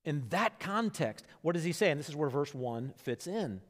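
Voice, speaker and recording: Preaching pastor in a reverberant church. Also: male voice, on the high side, normal speed. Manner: conversational preaching, swings between hushed and animated. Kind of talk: sermon. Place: church sanctuary. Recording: long hall reverb.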